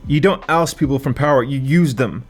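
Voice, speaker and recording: A man's voice: mid-range voice, a little fast, slightly rough, faint music behind, natural voice. A man voicing a cold, arrogant woman conspirator with a clipped, dismissive way of talking in an audiobook. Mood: scornful. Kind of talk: audiobook character voice.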